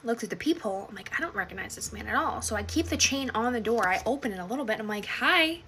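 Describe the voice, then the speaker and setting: A woman's voice: fairly high pitch, animated, very fast, a bit bright, a little hiss or hum. A young woman telling a storytime in a sassy, casual way, swearing freely and acting out her own reactions.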